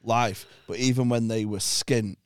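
A man in casual chat, telling a relaxed family anecdote. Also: medium pitch, a little slow, smooth. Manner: laid-back anecdotal.

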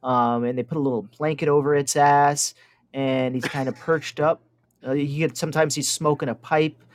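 A man's voice: fairly high pitch, steady tone, normal speed, dry recording. A man co-hosting a podcast, rambling through a story with many hesitations. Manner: rambling, lots of ums. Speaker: podcast co-host. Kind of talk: casual banter.

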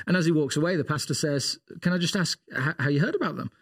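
A man's voice: on the high side, fast talker, hardly any pauses. A man co-hosting a casual podcast chat, a pastor who tells long stories with restarts and laughs often. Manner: rambling storyteller, laughs often, trails into restarts.

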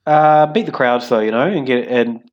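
A man on a casual podcast who makes dry, teasing jokes. He speaks in a medium, everyday pitch. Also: normal speed, muffled recording. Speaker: podcast co-host. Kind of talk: casual chat.

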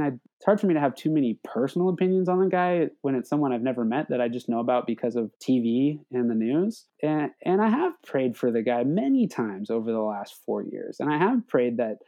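A young man talks through his thoughts as a podcast guest, his voice warm and mellow. He hesitates often, repeating words and restarting his sentences as he works out what he means. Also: mid-range voice. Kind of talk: reflective conversational talk.

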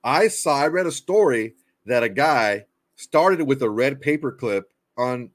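A man co-hosting a casual post-game sports show, relaxed and laughing easily, often searching for words. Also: mid-range voice, unhurried, no room sound. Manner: laid-back, laughs often, trails off with fillers. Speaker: podcast co-host.

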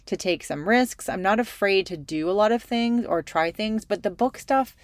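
A woman's voice: mid-range voice, moderate pace, no echo. A woman in her thirties hosting her own podcast, talking in a chatty, rambling, frank and emphatic way. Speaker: podcast host. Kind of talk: solo podcast monologue.

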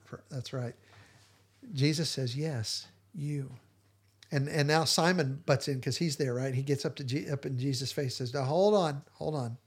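A man's voice: medium pitch, steady tone, moderate pace, husky. A man hosting a podcast, retelling scenes in casual chat and acting out the quoted lines with animation. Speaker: podcast host.

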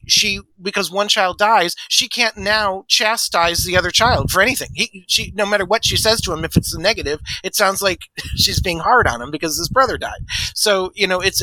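A man's voice: sits high, sharp tone, dry recording, rough recording. A man on a movie podcast panel, talking casually and rambling with many restarts. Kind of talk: casual chat.

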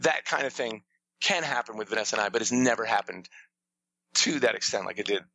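Bright-voiced man telling a story. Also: a little fast, gravelly, a little hiss or hum, rough recording. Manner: lively, acts out quotes with jumps in pitch. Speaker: storyteller and playwright guest. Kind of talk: animated storytelling in interview.

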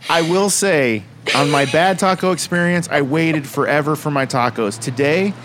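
A man's voice: on the high side, moderate pace, background noise. A man co-hosting a casual chat, playful and joking. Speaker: co-host.

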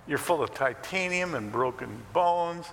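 A male pastor delivers a sermon with a lively, swooping delivery and a bright, forceful tone. His voice sits a bit high and rings out with long hall reverb. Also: measured pace, creaky, a little hiss or hum. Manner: animated, conversational, joking asides. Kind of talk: expressive sermon teaching.

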